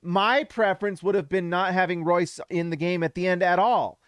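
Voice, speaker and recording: A man's voice: high voice, moderate pace, clear, resonant tone, no echo. Fired-up man hosting a post-game stream. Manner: animated, emphatic, rises to shouts when hyped. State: voice going hoarse. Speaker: basketball show host.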